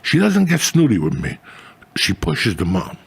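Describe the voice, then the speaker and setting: This gravelly-voiced middle-aged man hosts a podcast, speaking fairly low at a moderate pace, with a little hiss or hum in the recording. His casual stories are crude, profane, meandering, and lively.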